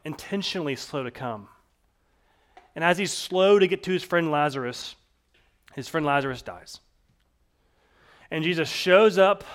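A man's voice: fairly high pitch, a bit bright. A man preaching a sermon, praying first and then explaining a scripture passage in an earnest manner, repeating key phrases. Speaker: pastor.

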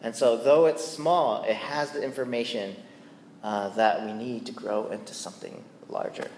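A man's voice: mid-range voice, steady tone, moderate pace, darkish tone, slight background noise. Playful male pastor in an echoey hall. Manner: playful and conversational, often asking "right?". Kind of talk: sermon. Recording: echoey church hall with long reverb.

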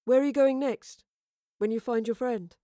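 Earnest gentle young soldier lad, a woman reading his lines, dry recording. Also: a little high, fairly even intonation, normal speed, dry recording, natural voice. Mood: teasing.

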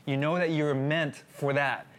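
A man's voice: a little high, flat delivery, normal speed, fairly bright tone. A man telling a personal story in a sermon, talking casually and addressing his listeners as guys. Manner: conversational, addresses audience as guys. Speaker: pastor.

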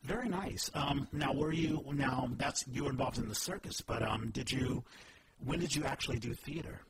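A man's voice: mid-range voice, moderate pace. A man in his forties hosting an interview, mixing short affirmations with probing questions in casual talk. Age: 40s. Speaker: podcast host. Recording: clear background hiss.

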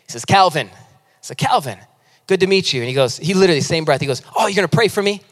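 A man in his thirties preaching a sermon as a pastor, impassioned, swinging between loud urgent pleading and low, intimate asides. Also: quick pace. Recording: long hall reverb.

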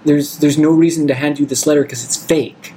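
A man's voice: fairly high pitch, fairly even intonation, a little fast, mellow, a little hiss or hum, low-quality recording. A man playing a tabletop role-playing game, reasoning aloud and repeating himself. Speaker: player.

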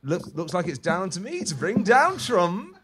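A man hosting a casual comedy podcast, playful and quick to laugh. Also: sits high, huge pitch swings, loud music behind the voice. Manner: playful, giggly.

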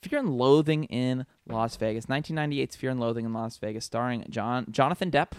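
A man's voice: mid-range voice, a little fast, clear, resonant tone, no echo. A man co-hosting a podcast in casual chat, swearing often and teasing his partner. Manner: profane, joking, teasing. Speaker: podcast co-host.

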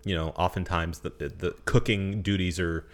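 A man hosting a podcast in casual chat, easygoing and measured, working through his points with plenty of fillers. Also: low voice, steady tone. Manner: easygoing and measured, hedges with fillers while explaining. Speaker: podcast host.

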